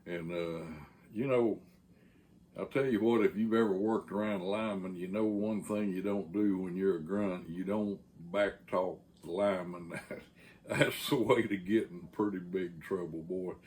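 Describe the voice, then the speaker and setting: A man with a Texan accent hosting a channel, telling a story casually in a rambling way with frequent "uh" pauses. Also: low voice, darkish tone.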